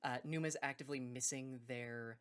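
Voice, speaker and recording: Low-voiced woman rambling about card games. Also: steady tone, moderate pace, smooth. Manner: rambling, self-correcting, laughs between points. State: hiccuping. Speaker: card game video host and tournament judge. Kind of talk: casual unscripted video intro.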